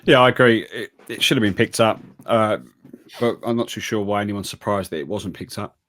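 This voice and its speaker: A man's voice: lowish voice, fairly quick, a bit bright. A man co-hosting a football podcast, giving opinions in casual chat with many fillers and restarts. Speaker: podcast co-host.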